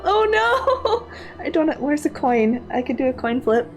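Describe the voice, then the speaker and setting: A woman's voice: high-pitched, big pitch swings, measured pace, soft background music. A woman streaming a story game live, commenting animatedly and laughing often.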